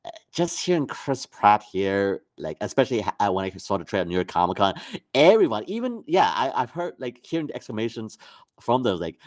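A man's voice: lowish voice, big pitch swings, a little fast. A man co-hosting a podcast, chatting casually and rambling, often restarting his sentences. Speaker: podcast co-host. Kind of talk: casual chat.

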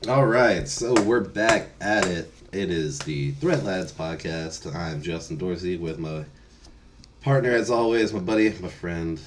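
A man's voice: deep voice, measured pace, slight background noise. A young man co-hosting a casual podcast, laid-back and chuckling often, with lots of "um" and "like". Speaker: podcast co-host.

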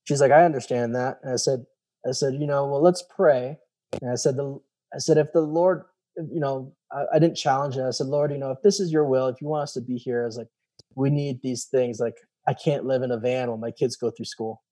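This guest, a man with a mid-range voice talking fairly quickly, narrates a personal story in a casual way. Animated throughout, he performs quoted lines and leans heavily on fillers, repeating "I was like."

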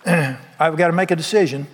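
A man delivers a sermon, folksy and emphatic, throwing rhetorical questions at his listeners. His voice sits a little high for a man. Long reverb of a church sanctuary trails behind every phrase. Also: steady tone, quick pace. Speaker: pastor. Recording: long reverb of a large hall.

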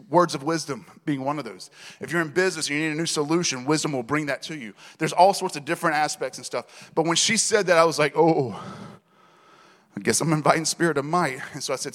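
A man preaches to a congregation with a fairly high voice. He tells his stories in an animated way, acting out the dialogue and laughing as he goes. The sound carries a long hall reverb. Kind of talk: sermon storytelling. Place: church hall.

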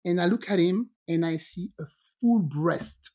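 Lively woman telling a strange story, a bit low-pitched. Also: a little slow, husky. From Guadeloupe, French Caribbean. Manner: animated, acts out quoted voices, many restarts. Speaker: podcast co-host telling a story. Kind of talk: casual storytelling chat.

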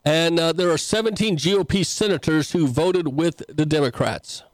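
A man's voice: a little high, normal speed, no echo, poor audio. A man hosting a talk show as a pastor, mixing folksy preaching with casual political commentary and many fillers. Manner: folksy, conversational, with frequent fillers and restarts.

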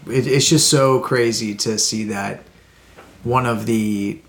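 Male podcast co-host, mid-pitched, casual and rambling, restarts his sentences often. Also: steady tone, slow, fairly bright tone. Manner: rambling, self-correcting. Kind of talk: casual chat.

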